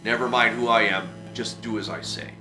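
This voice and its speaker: A man's voice: lowish voice, fairly even intonation, normal speed, lightly acted. A man reading the lines of a menacing foreign stranger of about thirty who snaps curt threats. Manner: curt, snarling orders. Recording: roomy echo with music behind.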